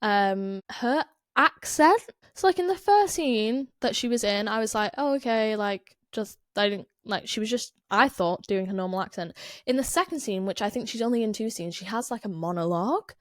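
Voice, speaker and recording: Young Northern English woman, podcast host, rambling casual chat, mid pitch, close dry sound. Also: animated, moderate pace, no echo. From Northern England. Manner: chatty, rambling, many "like" fillers, self-interrupting.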